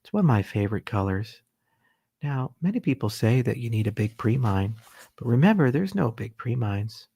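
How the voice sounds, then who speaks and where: A man putting on the voice of a gentle, soft-spoken male TV painting teacher who talks in slow, soothing, encouraging phrases. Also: mid-range voice, big pitch swings, vocal fry, husky, no room sound, heavily acted.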